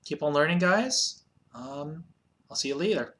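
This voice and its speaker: A man casually commenting on his play of an old computer game, chatty, with sudden excited shouts. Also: on the high side, unhurried, slight background noise. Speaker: let's play host.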